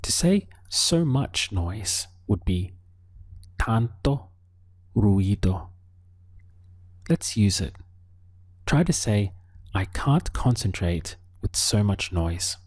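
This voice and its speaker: A low, mellow male voice that takes its time, speaking unhurried and patient as a teacher. He models each word carefully so the listener can repeat it. The sound is dry and close, with no room echo. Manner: calm, patient, models words slowly for repetition. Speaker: language teacher. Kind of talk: slow, deliberate spoken lesson.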